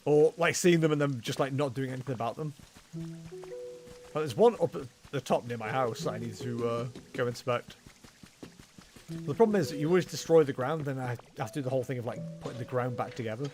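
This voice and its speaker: A man's voice: mid-range voice, a little fast, over music. A man chatting casually and rambling with self-mocking humor while livestreaming a game. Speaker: streamer. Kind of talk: casual gameplay livestream chat.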